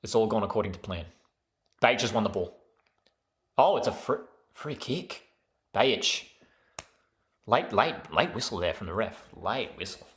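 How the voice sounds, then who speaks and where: A young man hosting a live football watchalong, calling the play casually and breaking into excited high cheers. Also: measured pace, pauses often. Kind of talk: excited live match commentary to chat viewers. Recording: echoey room.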